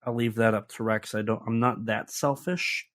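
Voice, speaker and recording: A man co-hosting a podcast in casual chat, rambling and jumping up in pitch when surprised. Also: normal speed. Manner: rambling, animated pitch jumps. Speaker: podcast co-host.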